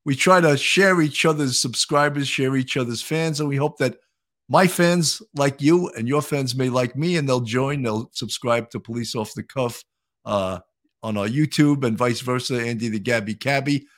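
An older man with a New York accent, a retired policeman, hosting a podcast interview in a chatty, halting way. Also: mid-range voice, fairly bright tone. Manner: chatty, hesitant with many fillers and restarts. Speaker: podcast host. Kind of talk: casual interview chat.

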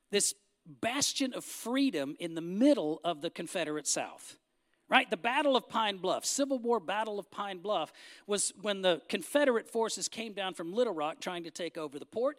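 A man's voice: high-pitched, a bit bright, big-room sound. A man, giving a folksy, joking sermon-style talk to a crowd, rising to emphatic bursts. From Arkansas. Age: 50s. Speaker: speaker addressing a church crowd. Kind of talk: humorous sermon-style speech.

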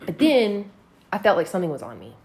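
A woman's voice: medium pitch, brisk, a little hiss or hum. A woman telling a personal story on a casual podcast, swearing freely and filling her talk with "like". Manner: profane, animated, heavy use of "like".

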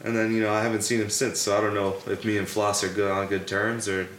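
A young man, a podcast guest, telling stories in casual chat. He is animated, swears freely and laughs as he talks. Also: on the low side, quick pace, slight background noise. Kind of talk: casual storytelling on a couch podcast. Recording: echoey room.

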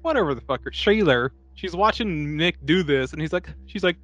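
A man on a movie podcast, cracking up as he retells scenes and slips into mock voices for the characters. His voice sits a bit high, and the sound is dry and close. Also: normal speed, hardly any pauses, no echo, dull audio. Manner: animated, profane, acts out quotes from the film. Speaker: podcast co-host. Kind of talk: casual movie-review chat.

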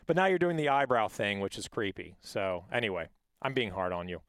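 A man's voice: lowish voice, big pitch swings, a little fast, fairly bright tone, no echo, clean studio sound. A man hosting a podcast, chatting casually and teasing his producer with jokes. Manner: joking, teasing banter. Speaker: podcast host.

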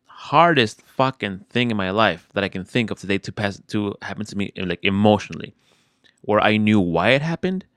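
A man's voice: fairly low pitch, lively intonation, normal speed, a bit bright, clear, resonant tone, dry recording, studio quality. A young adult man in casual chat, talking frankly and profanely about feelings, often restarting his sentences.

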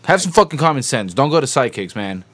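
A man's voice: medium pitch, sing-song, fast talker, background noise. A young man co-hosting a podcast in casual chat, laid-back and slangy, swearing often. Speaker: podcast co-host.

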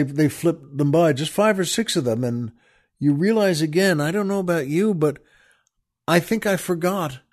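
A man's voice: on the high side, a little mellow. A man hosting a radio talk show, retelling a film scene in a folksy, emphatic way and repeating himself as he gets carried away.

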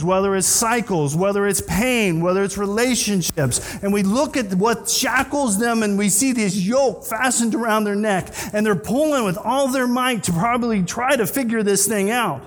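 A male pastor preaching a sermon, asking the congregation questions and answering them himself. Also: sits high. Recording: long hall reverb.

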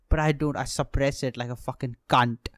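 A man's voice: medium pitch, fairly bright tone, no echo. A young man hosting a solo comedy podcast, telling a story in a profane, self-mocking way and acting out heated quotes. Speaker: podcast host, aspiring stand-up comic.

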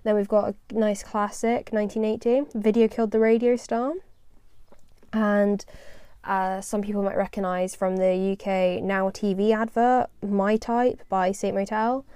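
A woman's voice: mid-range voice, level tone, measured pace, mellow, clean tone, no echo. Chatty young british girl doing her podcast, rambly, kinda self-deprecating, very dry close sound. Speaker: podcast host. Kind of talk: casual solo podcast chat.

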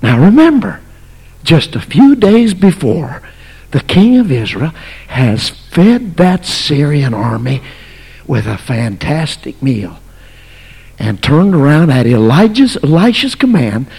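A man preaching a sermon as pastor, telling a story dramatically, swinging from shouts to near whispers. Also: fairly high pitch, sing-song, slow pace, vocal fry, slightly rough. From United States.

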